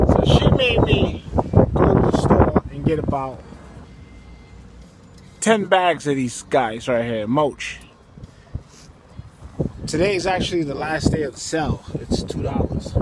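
A man filming a casual phone vlog in a store parking lot, talking in a loud, excitable, profane rant. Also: a little high, very noisy. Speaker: vlogger.

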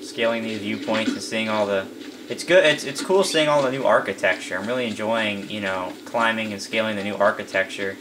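A young man with a lowish voice talks briskly over background noise as he commentates live on his own gameplay. He keeps it loose, says "dude" constantly, and keeps breaking into disbelieving laughter.

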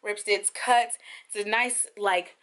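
Bright, chatty young woman vlogger. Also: steady tone, slow. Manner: chatty, playful, slangy, with sudden high squeals. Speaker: fashion vlogger. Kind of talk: casual try-on haul chat.

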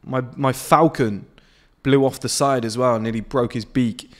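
A man in his late twenties who vlogs about men's self-improvement rants bluntly to camera on his outdoor patio, swearing freely in an unscripted motivational talk. His medium-pitched voice stays steady at a moderate pace.

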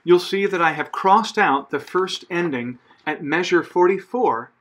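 A man's voice: sits high, lively intonation, a little slow, a bit bright. A man as a choir director, giving patient spoken rehearsal notes with frequent fillers and self-corrections. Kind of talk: conducting rehearsal instructions.

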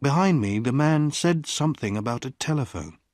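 A man reading a graded short story aloud as an audiobook narrator, in a slow, deliberate way. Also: animated, darkish tone, dry recording, studio quality. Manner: slow, deliberate reading with wide swings in pitch.

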